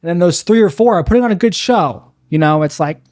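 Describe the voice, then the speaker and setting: A man's voice: sits high, lively intonation, quick pace, darkish tone, dry recording, clean studio sound. A young man doing a confessional stand-up monologue, rambling and bitter, mocking himself with frequent restarts. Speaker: stand-up comedian.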